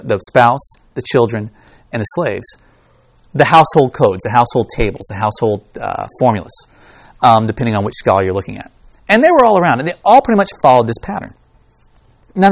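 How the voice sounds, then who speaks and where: Male Bible teacher, casual lecture, very lively pitch, dry close sound. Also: no room sound. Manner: conversational, emphatic, rhetorical questions. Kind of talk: informal lecture.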